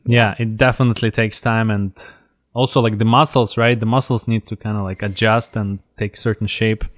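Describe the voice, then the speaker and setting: A man's voice: lowish voice, steady tone, moderate pace. Hesitant man hosting an interview. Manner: hesitant, restarts with fillers. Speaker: podcast host. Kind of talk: casual interview conversation.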